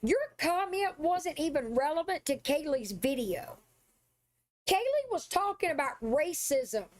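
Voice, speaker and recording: A woman livestreaming, ranting angrily and profanely at a critic in a sassy, confrontational way. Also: sits high. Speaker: live streamer. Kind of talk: angry livestream rant.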